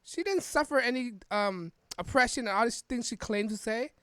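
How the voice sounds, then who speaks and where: A woman's voice: on the high side, moderate pace, a bit bright, no echo, studio quality. A woman hosting a podcast, giving casual political commentary while reading an article aloud, rambling with frequent restarts and tag questions. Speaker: podcast host.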